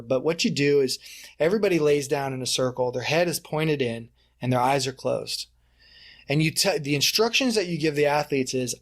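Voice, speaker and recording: A middle-aged man in a podcast interview tells coaching stories at a middle pitch. He talks with energy and slips into lively put-on voices when he quotes people. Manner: animated, acts out quoted voices in his stories. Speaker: guest, coach and speaker.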